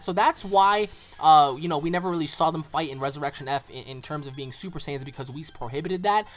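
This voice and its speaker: A man's voice: on the high side, a little fast, hardly any pauses. A man hosting a casual anime recap, rambling with lots of fillers. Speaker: host.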